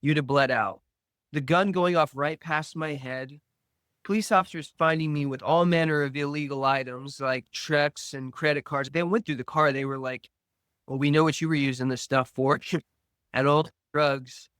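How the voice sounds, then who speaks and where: A man, a guest on a podcast, slowly and earnestly telling a personal recovery story, acting out remembered dialogue. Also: fairly high pitch, steady tone, fairly bright tone, clean tone, no echo.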